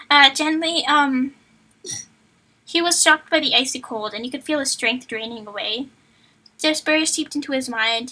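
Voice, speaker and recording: A woman reading a storybook aloud on a live stream with a high, bright voice. She stumbles over words and giggles through the read, keeping it casual. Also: rough recording.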